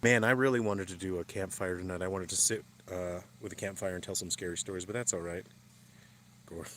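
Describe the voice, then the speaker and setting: A man with a lowish voice chats casually on a livestream from his outdoor campsite high in the mountains, out of breath and huffing between phrases. A faint outdoor hiss sits behind his voice, picked up by a handheld camera or phone. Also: fairly even intonation, fairly quick, a bit bright. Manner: huffing and puffing from thin mountain air.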